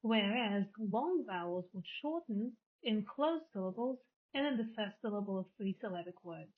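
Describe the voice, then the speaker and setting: A woman's voice: mid-range voice, lively intonation, moderate pace. A woman giving a recorded linguistics lecture, explaining step by step and often rephrasing her terms. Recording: tinny phone-like audio.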